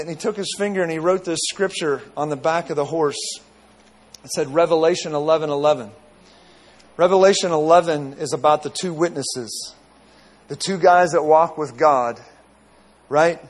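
A man preaching a sermon, telling a dream with many asides and repeated phrases. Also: fairly high pitch.

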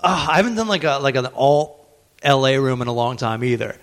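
A man hosting a comedy podcast, telling animated stories with lots of swearing and laughter. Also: mid-range voice, brisk. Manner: animated storyteller, swears freely, laughs often. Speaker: podcast host. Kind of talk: casual comedy chat.

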